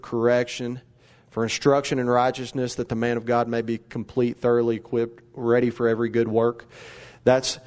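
Male preacher, mid-pitched voice, delivering a sermon with urgent, emphatic repetition. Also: darkish tone.

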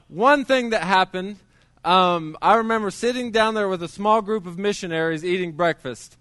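A man's voice: high-pitched, moderate pace, fairly bright tone, no echo, studio quality. A middle-aged man preaching a sermon, telling his testimony in a conversational way with many restarts.

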